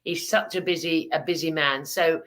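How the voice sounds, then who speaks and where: A woman's voice: deep voice, fairly even intonation, normal speed, fairly bright tone. A woman hosting a chat show in a casual, chatty way, her throat sore from hay fever.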